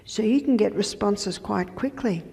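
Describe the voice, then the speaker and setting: A woman health educator giving a lecture, telling patient stories in a conversational way with soft asides. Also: mid-range voice, unhurried, gravelly. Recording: reverberant lecture hall.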